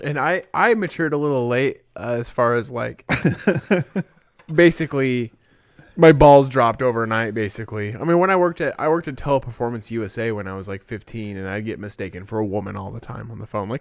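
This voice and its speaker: In a casual podcast conversation, the male host swaps stories, laughs frequently, and swears at will. His mid-range voice moves fairly quickly, recorded cleanly in a studio with no echo.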